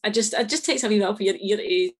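A woman with a Scottish accent, an author chatting as a podcast guest, talking in quick restarts and repeated words. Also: medium pitch, slightly rough. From Scotland. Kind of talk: casual interview chat.

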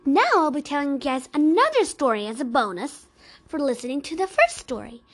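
A woman reading folktales aloud as a storyteller, gentle and expressive. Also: high-pitched, a little fast.

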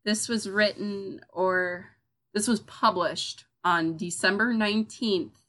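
A woman's voice: medium pitch, steady tone, takes it slowly, fairly bright tone. A woman co-hosting a podcast, chatting casually and reading fan fiction aloud with dry asides. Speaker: podcast co-host.

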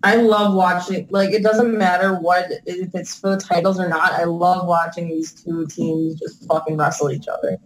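A woman with a fairly low voice chats casually as a co-host. She is blunt and adds short remarks to the conversation. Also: level tone, normal speed, hardly any pauses, rough recording. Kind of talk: casual chat.

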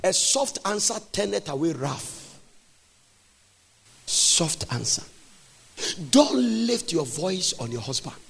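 A pastor in his forties preaching in a large church, swinging between sing-song phrases and sudden shouts. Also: sits high, sing-song, takes it slowly, gravelly, pauses often, slightly rough. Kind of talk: sermon. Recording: long church reverb.

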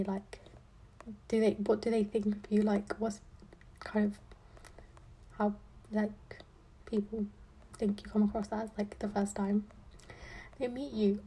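This medium-pitched voice is warm and slightly rough, belonging to a woman in her twenties who hosts a podcast and studies law. She chats casually and rambles, constantly saying "like" and "um," with a playfully sarcastic, dry wit.

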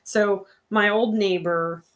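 A woman's voice: mid-range voice, steady tone, slow, a little hiss or hum. A middle-aged woman co-hosting a casual podcast, telling meandering anecdotes full of fillers. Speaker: podcast co-host. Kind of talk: casual storytelling chat.

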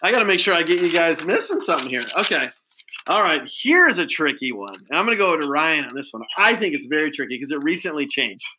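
A man runs a casual quiz between two players. His voice is bright and a touch high. He praises the answers in an upbeat way, with plenty of chatty fillers. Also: sing-song, fast talker, a little hiss or hum, low-quality recording. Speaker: quiz host.

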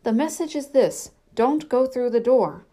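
A woman's voice: on the high side, expressive, measured pace, warm tone, voice pushed up. A woman voicing an eccentric old man in a storybook, speaking in a confiding, half-whispered way. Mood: cryptic. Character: eccentric old man upstairs, cryptic, gentle.

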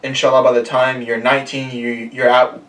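A man's voice: mid-range voice, little pitch movement, a little fast, fairly bright tone, echoey room, recorded from a distance. A man in his twenties hosting a casual podcast, talking in a laid-back, rambling way with many fillers. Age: 20s. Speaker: podcast host. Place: room shared with guests.

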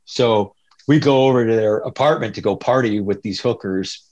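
Speaking in a lowish voice at a moderate pace, this punk musician from Northern California is a guest in an interview. He tells stories casually, rambling loosely and animatedly quoting other people.

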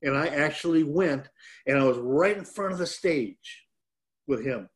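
A man's voice: a little high, measured pace. An older man from Detroit, a former pro wrestler, telling a rambling, self-deprecating story as a guest on a chat show. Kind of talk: casual storytelling.

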